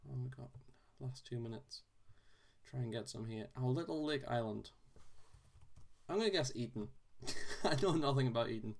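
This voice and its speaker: A man solving a crossword on video, thinking aloud in a casual, halting way with frequent restarts and self-deprecating asides. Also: medium pitch, expressive, gravelly.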